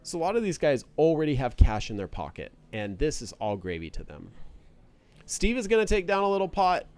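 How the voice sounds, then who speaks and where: A man's voice: a little high, very animated, a little fast, darkish tone, smooth. A man doing live play-by-play commentary at a poker table, with joking, teasing banter between hands.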